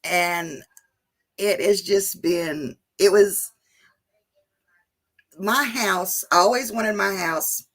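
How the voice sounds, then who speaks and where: A woman's voice: mid-range voice, extremely slow, long pauses, a bit bright. A woman hosting a casual livestream, chatting to viewers, reading names from the chat and laughing often. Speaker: channel host reading live chat.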